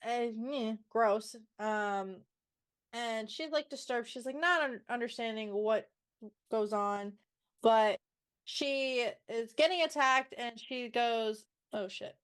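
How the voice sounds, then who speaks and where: A woman's voice: a little high, takes it slowly, fairly bright tone, clean tone. A woman co-hosting a book podcast in casual chat, sassy and swearing freely as she mocks the characters and reads passages aloud. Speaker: podcast co-host.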